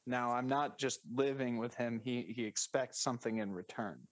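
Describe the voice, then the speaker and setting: A man improvising comedy bits in casual podcast banter, spinning absurd stories with deadpan wordplay. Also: mid-range voice, moderate pace, no echo.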